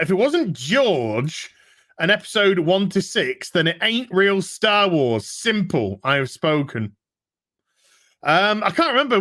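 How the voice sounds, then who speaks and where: Animated man with a bright voice. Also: high-pitched. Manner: animated, jokey, with sudden shouts. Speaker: livestream co-host reading super chats. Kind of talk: casual livestream chat.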